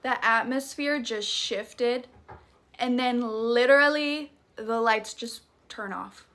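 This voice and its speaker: Bright-voiced woman telling a scary story. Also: fairly high pitch, slow. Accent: Southern US. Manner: dramatic, profane, chatty. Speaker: storytime creator. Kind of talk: casual horror storytelling.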